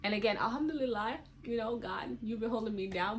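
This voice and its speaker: A young adult woman vlogging in a casual, candid chat while getting ready, talking in animated, slangy bursts that jump high for emphasis. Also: fairly quick, slight background noise.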